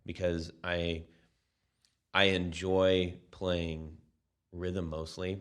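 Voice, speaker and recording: A man co-hosting a casual podcast, speaking in a slow, halting, reflective way. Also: low-pitched, little pitch movement, clean tone. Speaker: podcast co-host.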